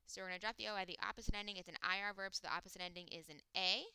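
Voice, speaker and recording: A woman teaching a recorded language lesson, explaining step by step with frequent fillers and slowing down to sound out words. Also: medium pitch, steady tone, bright, forceful tone, clear, resonant tone, dry recording. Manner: slows down to sound out words and sings a mnemonic. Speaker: Spanish teacher. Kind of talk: recorded classroom lecture.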